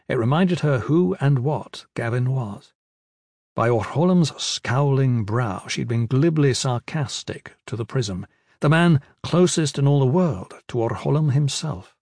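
A man reading fantasy fiction as an audiobook narrator in a measured, steady way. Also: mid-range voice, vocal fry, slightly rough, no echo, clean studio sound. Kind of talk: scripted narration.

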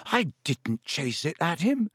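A man's voice: on the high side, expressive, normal speed, no room sound, studio quality, voice pushed up, natural voice. A man voicing a hot-tempered teenage schoolboy who speaks in a tense, clipped, angry way. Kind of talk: audiobook character voice.

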